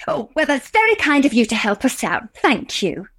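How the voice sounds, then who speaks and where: A woman's voice: sits high, huge pitch swings, normal speed, a bit bright, husky, heavily acted. A woman playing a flustered, polite helper running nativity auditions in an audio comedy. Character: fussy woman helping run the auditions.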